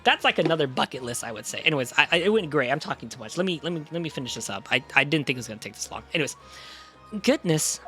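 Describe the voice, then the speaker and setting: A young male streamer rambles crudely and full of slang. His voice is bright and swings widely in pitch. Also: lively intonation, very fast, faint music behind. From Cambodian heritage. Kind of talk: casual chat.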